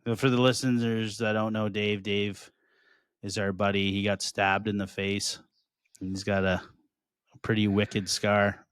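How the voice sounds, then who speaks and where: A man's voice: fairly low pitch, little pitch movement, measured pace, smooth, dry recording, clean studio sound. A man co-hosting a comedy podcast, telling rambling, profane stories in casual chat and laughing often.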